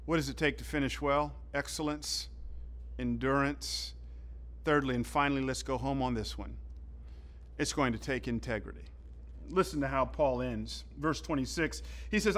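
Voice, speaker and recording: A middle-aged preacher with a bright, forceful voice, speaking a little higher than most men. He tells stories with lively animation and breaks into sudden loud bursts for emphasis. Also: measured pace. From southern United States. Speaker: pastor. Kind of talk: sermon.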